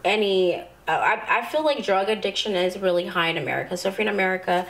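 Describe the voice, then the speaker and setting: A woman doing a tarot reading to camera, calm and spiritual, with sudden excited outbursts. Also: mid-range voice, fast talker, gravelly, noisy background. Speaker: tarot reader.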